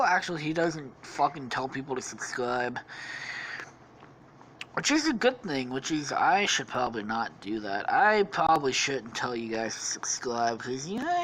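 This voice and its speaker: Slow, swearing woman rambling casually. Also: rumbling low, expressive, slight background noise. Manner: profane, rambling, lots of swearing. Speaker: podcast host.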